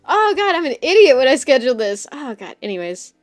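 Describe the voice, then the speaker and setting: Chatty high-voiced woman streamer. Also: big pitch swings, a little fast. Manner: chatty, giggly, swears freely, jumps between topics. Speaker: streamer host. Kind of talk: casual live-stream chat.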